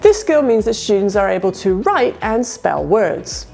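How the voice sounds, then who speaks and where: A woman teacher narrating an instructional video, upbeat and sounding out letters clearly. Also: medium pitch, very animated, a little slow, warm tone, soft background music. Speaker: ESL teacher.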